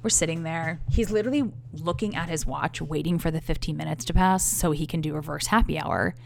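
A woman in her thirties with a low, gravelly voice, chatting straight to her viewers. She tells her story candidly and with exasperation, and she swears freely. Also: brisk, a little hiss or hum. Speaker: vlogger. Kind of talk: casual storytelling to camera.

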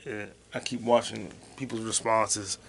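A man hosting a solo podcast, rambling loosely and profanely, with sudden loud excited bursts. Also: lowish voice, unhurried, gravelly, husky. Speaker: podcast host and stand-up comic.

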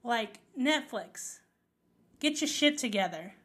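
Woman vlogger, high voice, exasperated casual rant with frequent swearing. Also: lively intonation, takes it slowly, a bit bright. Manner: exasperated, swears freely, emphatic ranting.

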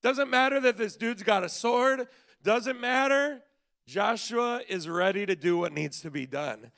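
A man pastor delivers a sermon at a church service. He talks in a lively, conversational way and often stammers into restarts. His voice is high and bright, with a gravelly rasp. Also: measured pace.

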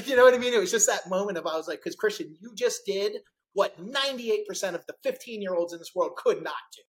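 Animated middle-aged man telling a story. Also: high voice, fast, rough recording. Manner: animated storyteller, acts out quotes. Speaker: podcast host. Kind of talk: casual interview storytelling.

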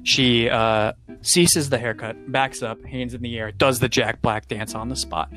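A young man co-hosting a casual chat, telling a story in a dry, deadpan way. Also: medium pitch, a little slow, faint music behind. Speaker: co-host.

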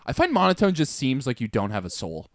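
A young man co-hosting a podcast, chatting casually, excitable, swearing a lot and laughing often. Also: mid-range voice, fast, no echo, clean studio sound. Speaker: podcast co-host. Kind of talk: casual chat.

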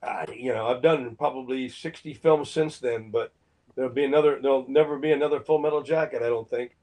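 A man's voice: medium pitch, steady tone, a little fast, a little mellow, poor audio. An older man from Phoenix, an actor, telling a story in an interview, acting out quotes and laughing between lines. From Phoenix, Arizona, USA. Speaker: actor and guest.

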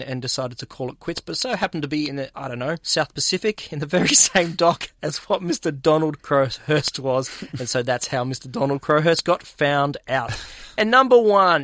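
A man's voice: fairly high pitch, fairly bright tone, dry recording, studio quality. A man co-hosting a sports radio show, telling stories casually and laughing often. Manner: chatty, laughs through his stories.

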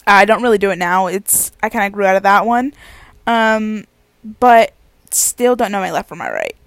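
A woman's voice: medium pitch, very animated, normal speed, vocal fry, dry recording. A young woman vlogging while lying on her bed, chatting casually in a rambling, self-deprecating, giggly way. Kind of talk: casual chat.

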